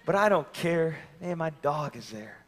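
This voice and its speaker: Animated preacher in a reverberant hall. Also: male voice, on the high side, measured pace. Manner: animated, swings from loud calls to hushed near-whispers. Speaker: pastor. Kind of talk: sermon with storytelling.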